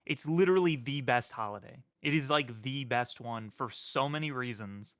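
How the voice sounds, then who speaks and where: A man's voice: medium pitch, moderate pace, a bit bright, no echo, studio quality. A man co-hosting a livestream in casual chat, musing and easygoing with bursts of playful mock outrage. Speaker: co-host.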